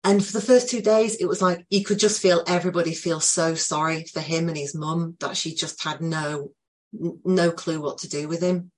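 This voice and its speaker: A woman telling an emotional personal story to a group, earnest and full of pauses. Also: on the low side, fairly even intonation. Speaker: group participant sharing a story.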